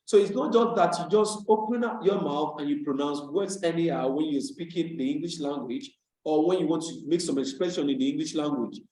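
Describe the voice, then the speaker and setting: A male tutor gives an online lesson, speaking in a slightly high voice and patiently repeating key terms so students catch them. The sound comes through a video call from a room with a noticeable echo. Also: a little fast, hardly any pauses, darkish tone. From Nigeria. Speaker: English tutor.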